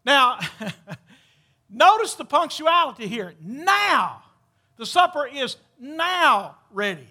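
High bright-voiced preacher. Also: male voice, sing-song, slow pace. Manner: impassioned preaching, shifts from loud calls to hushed storytelling. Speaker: pastor. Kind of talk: sermon.

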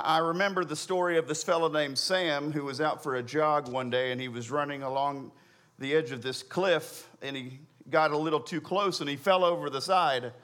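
Pastor preaching with a higher voice. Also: male voice. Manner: tells a joke story, acting out voices with rising pitch; quiet, lowered voice in prayer. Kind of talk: sermon.

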